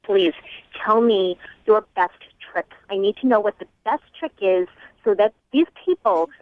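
A woman's voice: medium pitch, expressive, a little slow, dry recording. A woman speaking on the phone, exasperated and insistent. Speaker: caller pranked on the phone. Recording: tinny phone line.

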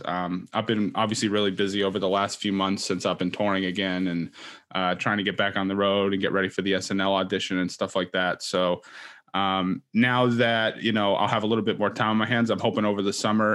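A man's voice: lowish voice, a bit bright. A young man, a stand-up comedian, chatting loosely on a video call, rambling with lots of fillers. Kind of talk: casual interview chat.

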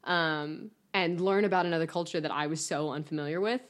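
Young woman, American, casual chat, animated storyteller, lowish pitch. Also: a little fast. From United States. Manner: animated storyteller, acts out quoted voices. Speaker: guest recounting study abroad.

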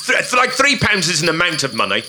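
A man on a comedy panel podcast, joking crudely and swearing with deadpan delivery. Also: on the high side, fast, slight background noise. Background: live audience laughter.

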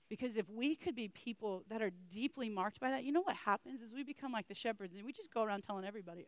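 A woman's voice: a little high, fast, few pauses, dry recording. A woman preaching a sermon in an earnest way, speaking straight to her listeners with repeated questions.

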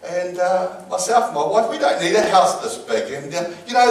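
Man preaching, somewhat high voice, very echoey hall, distant mic. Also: animated, normal speed, hardly any pauses. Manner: storytelling, acts out voices in an anecdote. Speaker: pastor. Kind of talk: sermon.

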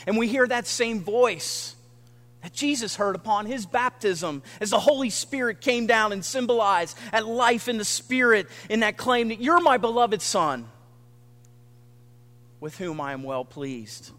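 A man preaching a sermon with earnest, dramatic pauses, sometimes dropping almost to a whisper. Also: high-pitched, expressive, fairly bright tone, in a large hall. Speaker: pastor.

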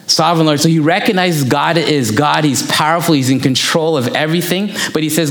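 A man's voice: on the high side, a little fast, few pauses, a bit bright. A man preaching a sermon, telling personal stories in a conversational way and quoting himself as he goes. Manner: conversational, anecdotal, quotes himself. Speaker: preacher and missionary. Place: church. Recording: echoey church room.

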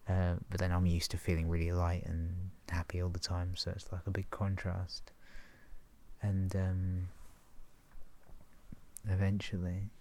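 A man talking in a relaxed, rambling way about self-awareness, laughing softly and acting out his inner thoughts. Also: low-pitched, a little slow, pauses often, a little hiss or hum. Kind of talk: relaxed casual monologue.

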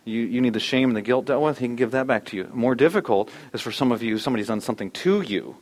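Man, thirties, pastor delivering a sermon; earnest, shifts between hushed and emphatic. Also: quick pace. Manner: earnest, swings between soft low lines and loud animated ones. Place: church.

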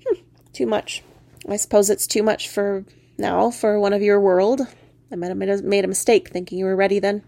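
A woman's voice: mid-range voice, level tone, normal speed, creaky, dark tone, dry recording, natural voice. A woman voicing a tiny, teasing male fairy who first appears as a frog, reading her story aloud. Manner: playful, teasing.

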